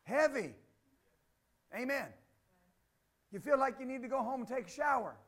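A pastor preaching a sermon with exuberance, swinging between loud declarations and quiet asides and laughing between points. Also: male voice, extremely high pitch, animated, moderate pace.

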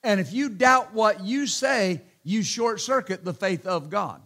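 High-voiced emphatic male preacher. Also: unhurried, pushed and bright. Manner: emphatic, repeats hallelujah and amen, joking asides. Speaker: pastor. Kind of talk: sermon.

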